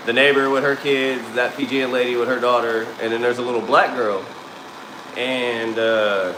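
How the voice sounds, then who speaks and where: A man's voice: medium pitch, background noise. Rambling, profane man telling a story. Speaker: livestreamer. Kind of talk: casual storytelling. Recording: roomy echo.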